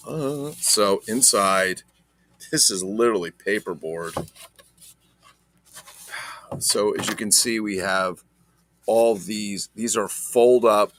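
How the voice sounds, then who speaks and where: A man's voice: lowish voice, creaky, a bit bright, a little hiss or hum. A man hosting a casual toy unboxing vlog, joking and talking to viewers while handling items, with mock-dramatic asides. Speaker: toy collector host.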